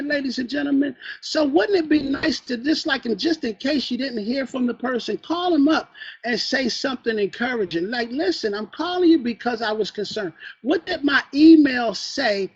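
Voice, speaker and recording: Husky man giving a preachy training talk. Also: very high voice, a bit bright. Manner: preachy, calls for "amen" and asks the listeners questions. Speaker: team trainer. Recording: dull lo-fi recording.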